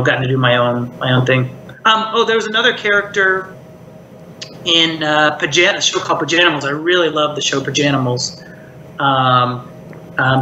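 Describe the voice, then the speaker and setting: Middle-aged male puppeteer, casual reflective interview talk, slightly high, roomy recording with faint hiss. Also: sharp tone, lo-fi sound. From Maryland, United States. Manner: chatty, reflective, lots of "like" and "you know". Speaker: puppeteer and voice actor, guest.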